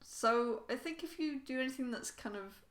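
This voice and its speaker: A woman's voice: lively intonation, normal speed, a bit bright. A woman co-hosting a podcast, talking casually and laughing often, with her voice rising when she acts out game characters. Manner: chatty, laughing, goes high when quoting characters. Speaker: podcast co-host. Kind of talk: casual chat. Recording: roomy echo.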